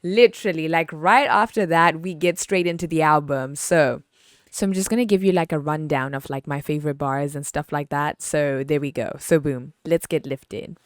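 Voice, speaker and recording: A woman's voice: deep voice, moderate pace, dry recording, studio quality. A woman hosting a podcast, chatting casually about an album, filling her talk with "like" and breaking into sung lines. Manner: chatty, says "like" a lot, sings lyric snippets. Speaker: podcast host. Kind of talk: casual album review chat.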